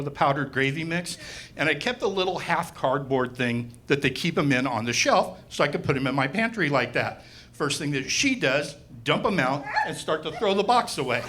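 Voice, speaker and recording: A man's voice: a little high, bright, forceful tone. A man doing stand-up comedy at a live venue, telling a story in an exasperated, sardonic way. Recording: live show recording, room noise.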